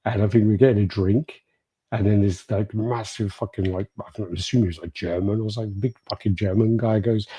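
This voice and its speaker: A man's voice: lowish voice, quick pace, dark tone, breathy edge. A man co-hosting a podcast, telling rambling stories in casual chat, swearing freely and laughing often. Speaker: podcast co-host.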